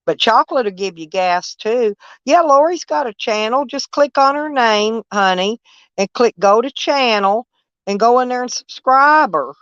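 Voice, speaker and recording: A woman's voice: on the high side, animated, moderate pace, a bit bright, no echo. An older woman, chatting casually with live-stream viewers in a rambling, folksy, blunt way with frequent swearing. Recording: dull, dry lo-fi stream audio.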